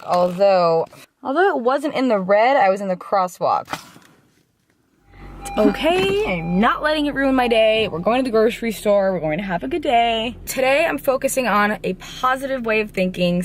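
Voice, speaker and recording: A woman's voice: mid-range voice, slight background noise. A woman in her twenties, a fitness vlogger, chatting upbeat and casual to camera on a handheld camera mic. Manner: upbeat, chatty, talks to viewers directly. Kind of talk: casual vlog chat to camera.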